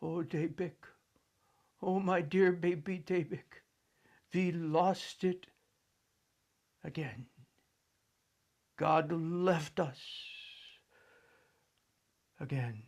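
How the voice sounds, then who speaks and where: A man voicing a fervent, theatrical old grandmother telling a story, swinging from cheers to hushed whispers. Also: fairly high pitch, very slow, vocal fry, pauses often, voice pushed up, heavily acted. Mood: grieving. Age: older.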